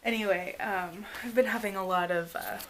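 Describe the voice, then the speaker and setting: A woman in her thirties chatting candidly to the camera at home, soft and rambling with lots of fillers, sometimes dropping to a near-whisper. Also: mid-range voice, normal speed, a little hiss or hum. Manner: drops to a hushed near-whisper at times. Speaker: family vlogger, mother. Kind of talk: casual to-camera vlog chat. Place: home, indoors.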